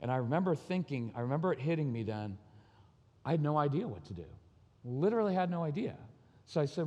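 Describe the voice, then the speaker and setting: A man speaking on parenting and marriage at a conference, his voice on the high side, fast and warm with big swings in pitch. He's candid and personal, acting out quoted dialogue in his stories, and the large hall adds a long reverb.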